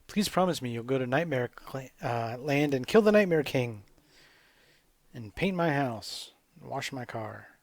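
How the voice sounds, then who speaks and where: A man voicing a sweet, scheming young princess in a sugary, pleading falsetto. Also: animated, unhurried, dry recording.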